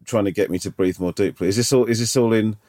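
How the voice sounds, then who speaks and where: A man's voice: fairly low pitch, fast talker, a little mellow, no echo. Dry-voiced man, teasing. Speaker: podcast co-host. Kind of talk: casual chat.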